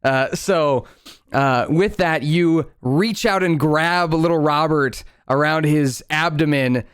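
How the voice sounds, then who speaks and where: A man's voice: a little high, slow pace, fairly bright tone, clear, resonant tone, no echo. A man running a tabletop game as game master, narrating scenes and explaining rules patiently with lots of filler words.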